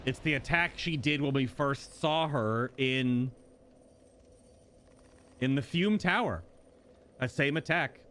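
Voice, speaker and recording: A man hosting a casual gameplay commentary, thinking out loud and bursting into exclamations. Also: medium pitch, slow, long pauses, a little hiss or hum. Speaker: gaming host.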